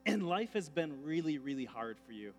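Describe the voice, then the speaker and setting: A pastor talks to his congregation like friends, cracking jokes and acting out the voices of the people in his stories. His voice sits a little high for a man. A faint hum runs under the recording. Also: sing-song, normal speed. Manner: conversational, jokey, acts out quoted voices. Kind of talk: sermon. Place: church sanctuary.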